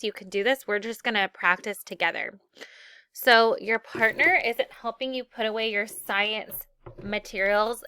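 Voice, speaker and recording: A woman's voice: mid-range voice, bright, forceful tone, clean tone, dry recording. A woman teacher leading a classroom lesson for children, upbeat and acting out example phrases.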